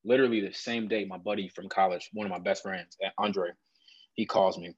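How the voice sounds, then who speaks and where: Husky low-voiced man telling his story. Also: brisk, no echo, dull audio. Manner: earnest, animated storytelling. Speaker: guest. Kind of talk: personal storytelling in conversation.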